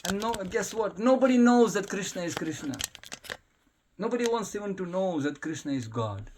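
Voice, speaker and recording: A man giving a devotional talk in a house, telling stories in an animated way with frequent laughter. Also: high voice, normal speed, slight background noise. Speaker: spiritual teacher. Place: private house.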